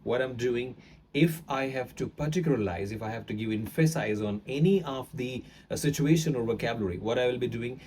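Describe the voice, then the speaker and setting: A man's voice: medium pitch, a little fast, a little mellow, a little hiss or hum. A man with an Indian accent explaining things in an online English lesson, with many fillers and words stressed for emphasis. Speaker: English teacher.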